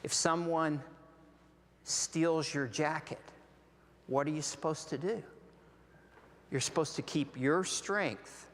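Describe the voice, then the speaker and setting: A man with a Southern American accent preaching a sermon as pastor, slow and deliberate with long pauses. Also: fairly high pitch, fairly bright tone. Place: large church sanctuary. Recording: long hall reverb.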